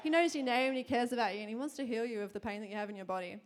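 A woman's voice: fairly high pitch, very fast. Chatty young woman telling stories. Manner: chatty, laughs often, many fillers. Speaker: Christian speaker sharing testimony. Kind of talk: casual storytelling.

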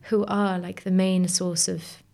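A woman's voice: lowish voice, little pitch movement, a little slow, gravelly, darkish tone. A woman guest in a reflective conversation, musing and searching for words, sometimes dropping to a whisper. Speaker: podcast guest.

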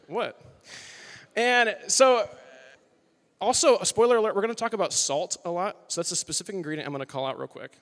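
A young man in his twenties gives a loose, joking sermon to a college crowd, chatty and upbeat. His voice sits high and sounds bright and forceful. The room rings with the long reverb of a large hall. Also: brisk. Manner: chatty and upbeat, full of "like" and "you know". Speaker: worship leader preaching. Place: large worship hall with live audience.

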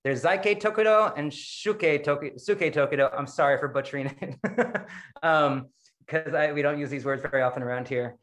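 A middle-aged man giving a casual, rambling dharma talk over a video call, self-deprecating and quick to laugh at himself. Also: on the high side, a bit bright. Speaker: Zen practice leader giving a dharma talk.

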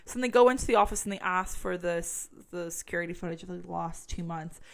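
A woman's voice: lowish voice, fast talker, vocal fry. A woman casually retelling a true crime case, chatty and full of fillers, swearing when she gets worked up.

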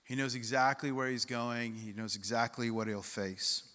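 A man's voice: mid-range voice, fairly even intonation, normal speed, sharp tone, in a large hall. A male pastor preaching a sermon in a conversational way, asking the congregation questions and reading scripture aloud.

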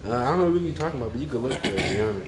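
A man's voice: mid-range voice, expressive, very fast, roomy sound, crowd noise. A man chatting casually about movies and football, teasing his co-host and laughing often. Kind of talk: casual movie review chat.

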